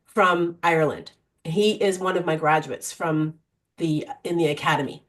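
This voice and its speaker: A middle-aged woman, a guest coach, talking in an animated, storytelling way during an interview. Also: deep voice, moderate pace. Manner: animated, storytelling, frequent restarts. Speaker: guest, vision board coach. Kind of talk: conversational interview.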